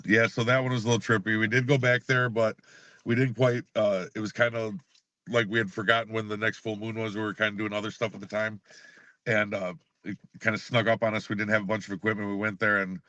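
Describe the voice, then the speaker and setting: A man who is a paranormal investigator, a guest on a podcast, telling his own stories hesitantly with many pauses. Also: fairly low pitch, level tone, bright, forceful tone, dry recording. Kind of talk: casual storytelling.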